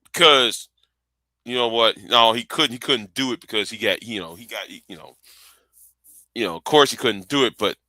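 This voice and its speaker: A man's voice: medium pitch, moderate pace, sharp tone, no echo. Rambling, profane man on a stream. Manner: rambling, profane, repeats words while thinking. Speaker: live streamer. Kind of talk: casual rambling live stream chat.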